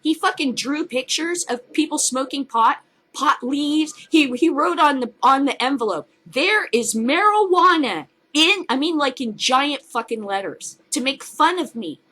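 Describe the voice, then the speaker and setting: A woman's voice: high-pitched, expressive, a little slow, pushed and bright. A woman hosting a casual news commentary show, reading out stories and mocking them with sarcastic, swearing asides. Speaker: host of a cannabis news show.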